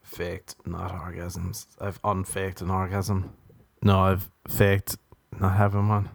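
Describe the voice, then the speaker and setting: A man's voice: deep voice, completely flat delivery, takes it slowly, creaky, no echo. Rambling, self-mocking man. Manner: rambling, self-mocking storyteller who laughs often. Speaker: podcast host. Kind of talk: comedic podcast monologue.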